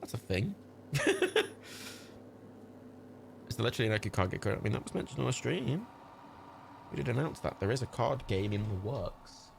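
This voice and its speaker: A man's voice: medium pitch, expressive, normal speed, gravelly, long pauses, a little hiss or hum. A man streaming a game, chatting casually in a self-mocking way and swearing freely. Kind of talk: casual livestream gaming commentary.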